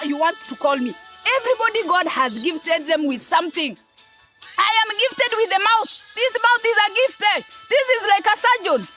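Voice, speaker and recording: A Kenyan woman delivers a scolding rant straight to her audience in a very high, sharp, bright voice. She hammers her points with repeated words and asks "eh?" between them, and faint music plays behind her. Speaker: online commentator. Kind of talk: ranting monologue to camera.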